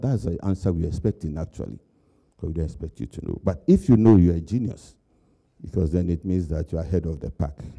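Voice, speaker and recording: A man's voice: sits low, warm tone. An older man giving a conversational keynote speech, telling anecdotes and laughing at his own jokes. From Ghana. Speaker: keynote speaker.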